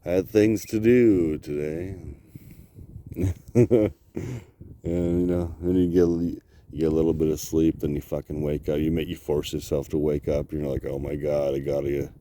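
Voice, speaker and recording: A man's voice: rumbling low, fairly even intonation, moderate pace, dark tone. A sleep-deprived man rambling into a handheld camera outdoors by the water, profane and laughing often. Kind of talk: rambling outdoor video diary. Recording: outdoor ambience noise.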